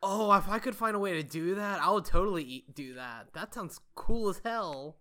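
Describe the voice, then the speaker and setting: Bright, animated podcast co-host. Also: medium pitch, moderate pace. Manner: animated, playful, excitable. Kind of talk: casual book-club chat.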